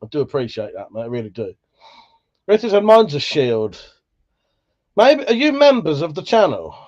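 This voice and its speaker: A man with a Buckinghamshire accent hosting a livestream, reading out chat in a relaxed, sweary way, laughing often, his voice slightly worn. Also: a little high, normal speed, lo-fi sound. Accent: Buckinghamshire English. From England. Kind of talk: casual chat.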